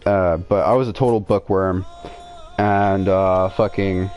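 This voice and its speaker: A young man hosting a podcast tells a long personal story in a casual, rambling style, swearing freely and filling it with restarts and filler words. His deep voice stays steady and a little slow, the highs are cut off, and faint music plays behind him.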